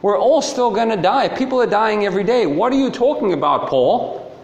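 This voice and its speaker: A man's voice: sits high, expressive, a little fast. A man preaching a sermon, telling stories with animation and asking the listeners rhetorical questions. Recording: echoey hall with faint ambience.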